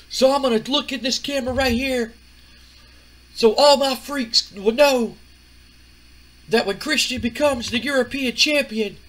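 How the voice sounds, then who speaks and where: A man putting on the voice of a brash, boastful male wrestler cutting a shouted, drawn-out promo. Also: extremely high pitch, pitched above the performer's own voice, full character voice, rough recording. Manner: shouting, swaggering, drawn-out delivery.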